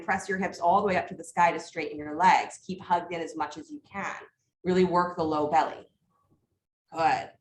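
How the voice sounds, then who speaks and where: A woman teaching a live yoga class, calling out poses and breath cues in brisk steps with frequent encouragement. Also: on the low side, slight background noise. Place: yoga studio. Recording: echoey room, mic far off.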